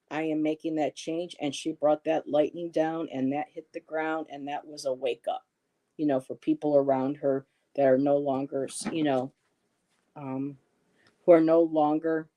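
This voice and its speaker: A woman's voice: low voice, warm tone. A woman hosting a live stream, chatting casually as she gives card readings and answers her chat. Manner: chatty, reassuring, reads chat comments aloud, laughs often. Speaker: tarot reader and live-stream host.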